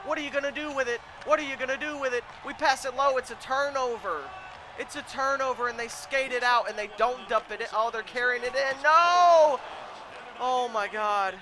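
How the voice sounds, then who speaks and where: A man with a very high voice calls his own video game match in a frantic rush, swinging from pleading to shouting as the play turns. His voice is getting hoarse from the strain, and there is steady noise in the background. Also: brisk. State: voice going hoarse. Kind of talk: excited let's-play commentary.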